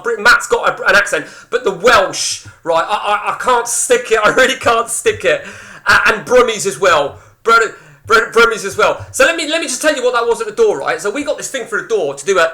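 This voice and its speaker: High bright-voiced man, blunt and sweary. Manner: rambling, blunt and heavily sweary. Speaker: game streamer chatting with viewers. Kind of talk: casual live-stream banter. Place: indoors at home.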